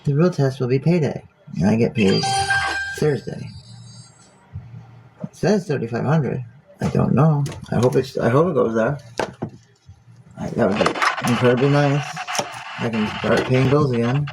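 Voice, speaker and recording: A man's voice: mid-range voice, normal speed, gravelly, long pauses, noisy background. A man talking casually on a phone livestream, musing aloud, rambling and swearing freely.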